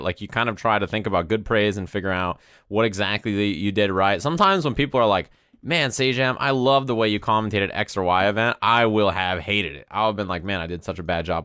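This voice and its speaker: A man's voice: lowish voice, sharp tone, no echo, clean studio sound. A man in his twenties chatting casually on a stream, laid-back, rambling and profane, often tagging "right?" onto his sentences. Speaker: streamer and fighting game commentator. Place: home room with a window.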